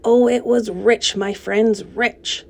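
A woman voicing a greedy, overfed male rat with a husky, sneering voice, reading a storybook aloud. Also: a little high, fairly even intonation, slow, darkish tone. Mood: gloating.

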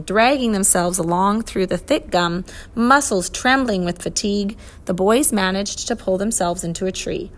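A woman reading a children's adventure story aloud, expressive and lively. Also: mid-range voice. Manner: expressive, voices the characters. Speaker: narrator.

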